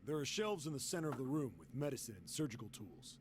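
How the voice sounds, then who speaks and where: A man voicing a big, strong, gruff older man who talks bluntly and teases roughly, in a fan reading of a game. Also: medium pitch, very animated, fast, slight background noise, natural voice.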